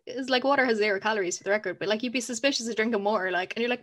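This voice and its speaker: A woman's voice: on the high side, rapid-fire, hardly any pauses. A woman, chatting candidly and casually, swearing and laughing often. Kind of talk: casual chat.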